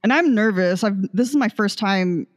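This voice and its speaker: A woman hosts a podcast and tells a long story in a loose, rambling way. She laughs often and slips into the voices of the people she quotes. Her voice sits at a medium pitch. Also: expressive, moderate pace. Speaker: podcast host. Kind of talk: casual storytelling chat.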